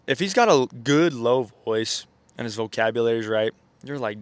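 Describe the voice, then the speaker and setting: A man's voice: mid-range voice, brisk. A man with congested sinuses talks through a casual motivational vlog in a mid-range voice. He rambles, restarts his sentences and keeps checking in with "okay?" and "right?". The sound is dry and close, with no room echo. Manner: rambling, full of fillers and self-corrections. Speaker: self-improvement content creator.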